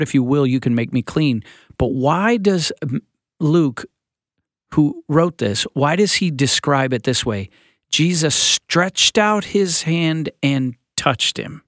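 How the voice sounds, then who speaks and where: A man co-hosting a casual podcast, speaking in an animated, teaching way. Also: medium pitch, creaky, no room sound, clean studio sound. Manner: animated, laughs often, teaching tone. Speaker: podcast co-host.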